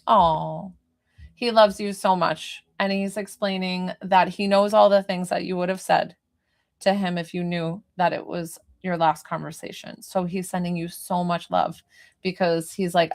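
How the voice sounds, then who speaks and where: A woman's voice: on the low side, fairly even intonation, unhurried, vocal fry. A woman spiritual medium giving a live-streamed reading, talking in a chatty, informal way that wanders off to side matters. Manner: chatty, informal, easily sidetracked.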